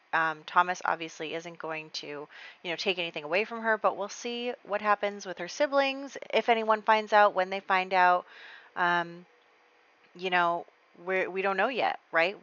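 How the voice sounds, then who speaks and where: A woman's voice: fairly low pitch, a bit bright, muffled recording. A young woman giving casual, rambling gameplay commentary as the host, with plenty of fillers. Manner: chatty, rambling, with many fillers. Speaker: let's play host.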